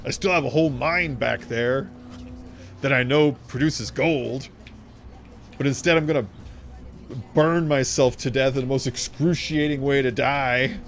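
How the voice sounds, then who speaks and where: A man's voice: medium pitch, unhurried, close to an everyday voice. A man voicing a heartbroken old male gold miner, speaking in an anguished, self-pitying way. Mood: wounded.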